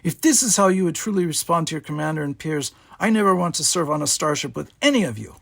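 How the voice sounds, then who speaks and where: A proud, stern female cadet, put on by a man reading a story, pitched well above his own voice. Her lines come out husky and gravelly, hard and scolding. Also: animated, fast, a bit bright, exaggerated voice. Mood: fierce.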